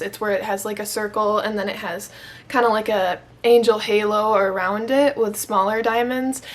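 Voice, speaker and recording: A young woman from Michigan telling her proposal story to the camera, gushing and emotional, with lots of "like.". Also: mid-range voice. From Michigan, USA. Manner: gushing, emotional, heavy use of "like". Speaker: vlogger.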